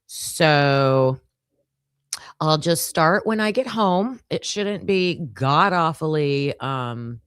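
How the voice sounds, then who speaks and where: With lively intonation and drawn-out words, a woman hosts a casual livestream in a low, clear, resonant voice that still sounds groggy from the morning. She chats to her viewers with heavy use of fillers, and the studio sound is clean, with no echo.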